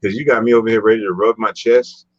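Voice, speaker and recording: A man's voice: lowish voice, fairly even intonation, quick pace, highs cut off, crowd noise. A man hosting a casual talk show, rambling and laid-back, often repeating himself. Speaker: show host.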